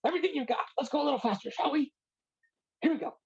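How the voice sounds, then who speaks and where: A man's voice: very fast, muffled recording. A man voicing an upbeat male yoga teacher who pushes the class to work harder, in a cheering voice. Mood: pumped, urging. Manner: high, pushy, cheering.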